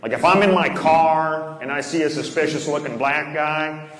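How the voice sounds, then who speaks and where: A man's voice: fairly high pitch, moderate pace, echoey room, heavy background noise. A man performing a stand-up comedy set on a large theater stage, delivering punchy one-liners.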